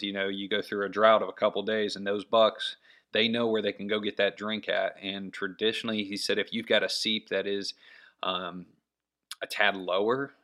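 A man's voice: lowish voice, bright, forceful tone. A man talking casually on his own about scouting deer, rambling with many fillers and restarts. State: has the hiccups. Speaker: hunting podcast host. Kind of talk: casual solo talk.

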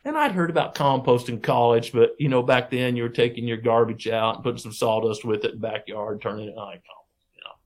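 A middle-aged man, a podcast guest, telling stories about his farming past in a folksy, animated way. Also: mid-range voice, quick pace, hardly any pauses. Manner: folksy, animated storyteller who acts out quoted people. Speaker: podcast guest, wildlife researcher. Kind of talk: casual storytelling interview.

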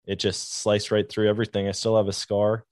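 A man's voice: on the low side, monotone, a little fast, a little mellow, dry recording. A man hosting a podcast, telling casual, rambling hunting anecdotes full of "like" fillers. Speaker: podcast host. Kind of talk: casual storytelling chat.

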